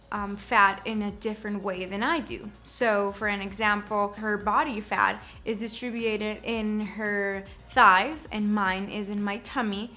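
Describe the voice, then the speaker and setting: Slow-talking young woman giving a how-to. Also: fairly high pitch, bright, forceful tone. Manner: slow, repeats words and checks in with "okay?". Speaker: shapewear presenter. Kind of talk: casual how-to demonstration.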